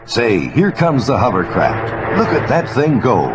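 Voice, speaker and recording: A man's voice: medium pitch, sing-song, measured pace, background noise. A man narrating a guided tour in an enthusiastic, scripted tour-guide manner.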